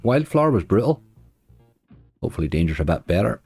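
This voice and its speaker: Male streamer, very low voice, easygoing chat with viewers, soft slot music behind. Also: sing-song, brisk, breathy edge. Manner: chatty, answers viewers' chat comments. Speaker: slots streamer. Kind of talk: casual livestream chat.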